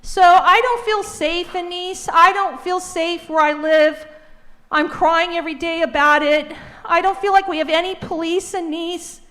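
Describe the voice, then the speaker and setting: Upset high-voiced woman at a podium. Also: fairly even intonation, unhurried, bright, forceful tone. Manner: upset, emotional, laughing nervously. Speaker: resident giving public comment. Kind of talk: public comment at a town meeting.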